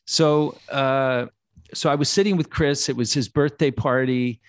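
A man in his sixties, a guest actor telling lively anecdotes in a podcast interview, acting out the voices of people in his story. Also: mid-range voice, measured pace, dry recording, clean studio sound. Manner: animated anecdote teller, acts out quoted voices.

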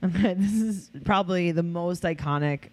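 A woman co-hosting a casual gossip podcast, swearing freely and reading out quotes with an animated delivery. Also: on the low side, normal speed. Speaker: podcast co-host.

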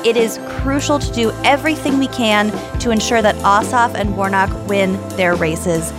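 A woman co-hosting a chatty podcast, earnest and emphatic, quick to laugh. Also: mid-range voice, over music. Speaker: podcast co-host. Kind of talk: casual chat and read-out plug.

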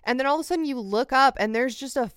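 Wry woman co-host, smooth and dry. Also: high voice, dry recording. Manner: wry, drawn-out descriptive storytelling, swears. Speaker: podcast co-host. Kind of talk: casual chat.

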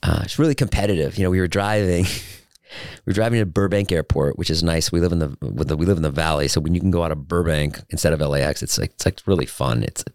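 Male podcast host, low and dry, chatty rambling storyteller. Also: steady tone, fast, a little mellow, no room sound. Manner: rambling, joking anecdotes with many fillers. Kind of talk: solo podcast chat.

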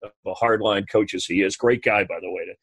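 Husky easygoing male podcast host. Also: lowish voice, fast, a bit bright. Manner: easygoing, laughs along. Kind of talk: casual interview chat.

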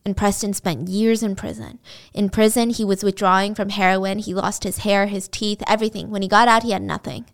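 A woman's voice: medium pitch, fairly even intonation, fairly quick, gravelly. Chatty, blunt woman storyteller. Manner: chatty, blunt, swears, lots of "like". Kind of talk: casual true-crime retelling.

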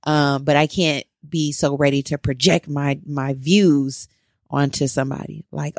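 Woman with a lowish voice, playful and slangy with quick jokes; dry, close sound. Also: a little mellow, no room sound. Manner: playful, slangy, joking asides. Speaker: podcast guest. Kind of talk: casual chat.

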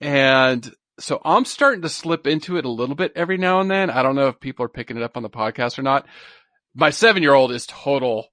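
A man, co-hosting a casual podcast. He talks with eager enthusiasm and repeats words in excited bursts. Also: medium pitch, fast, no room sound. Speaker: podcast co-host.

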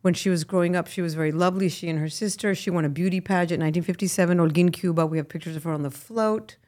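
A middle-aged woman from Miami, a guest actress, chatting casually in an interview and telling animated stories with frequent laughs. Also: lowish voice, very fast. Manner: animated storyteller, laughs often, lively asides.

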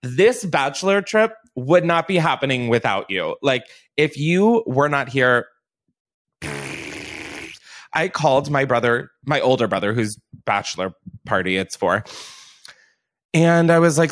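A man's voice: mid-range voice, animated, a little slow, long pauses, fairly bright tone. A young man hosting a podcast, chatting casually in a rambling way and laughing often. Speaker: podcast host. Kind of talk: casual chat.

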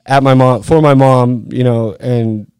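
A man's voice: medium pitch, fairly even intonation, unhurried, a little mellow, smooth, no room sound, clean studio sound. A man in his forties from Utah, a podcast guest telling a story in a rambling, profane way, full of "like" and "dude". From Utah, USA. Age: 40s. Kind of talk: casual storytelling.

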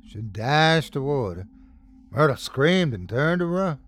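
A man's voice: medium pitch, big pitch swings, measured pace, a bit bright, dry recording. A man narrating a scary story as host, dramatic, swelling and dropping for suspense. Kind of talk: scripted horror story narration.

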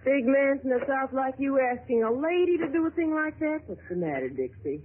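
A woman's voice: high voice, lively intonation, brisk, slight background noise. An actress playing a sultry, scheming woman who teases and mocks, in a 1950s radio drama. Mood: teasing. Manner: teasing, mocking. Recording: tinny lo-fi old radio broadcast.

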